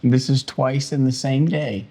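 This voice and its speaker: A man's voice: mid-range voice, fairly even intonation, unhurried, dark tone. Joking pastor, man. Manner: joking, playfully defensive. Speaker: pastor and podcast co-host. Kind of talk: casual chat.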